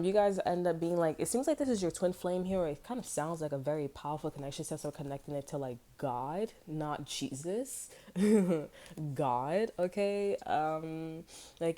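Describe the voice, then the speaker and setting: A woman with a low, mellow voice talks through a tarot reading in a loose, meandering way. She keeps checking in with "you know what I'm saying" and curses casually, with a blunt, unfiltered edge. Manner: blunt and swearing freely. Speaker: tarot reader.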